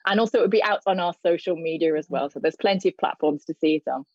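A woman working as a sign language interpreter, speaking live for a deaf host over a video call with many pauses and fillers. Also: low voice, no echo, highs cut off. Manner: hesitant, many fillers and restarts. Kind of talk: live spoken interpretation of signed talk. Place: indoors in front of a plain grey backdrop.

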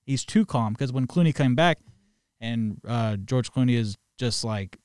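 Brief: man, casual film chat, rambling delivery, smooth voice, dry close mic. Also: mid-range voice, animated, unhurried, darkish tone, dry recording. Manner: rambling, quotes movie lines in passing.

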